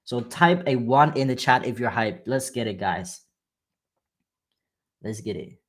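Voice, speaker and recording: A man's voice: medium pitch, expressive, unhurried. A man with a German accent hosting a trading livestream, chatting casually and hyping viewers, calling them bro. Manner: hyped and slangy, calls viewers bro.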